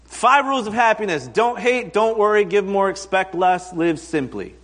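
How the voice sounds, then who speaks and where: A man in his thirties gives a conversational sermon, his voice sitting a little high. He slips into funny quoted voices as he tells stories. The sound carries a long reverb from a large hall. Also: expressive, moderate pace, fairly bright tone. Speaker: pastor.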